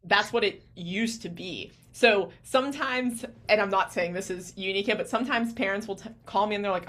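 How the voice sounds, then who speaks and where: A woman's voice: mid-range voice, brisk, few pauses, a bit bright, slight background noise. A woman acting coach on a podcast giving confident, practical explanations to parents. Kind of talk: advice-giving podcast talk.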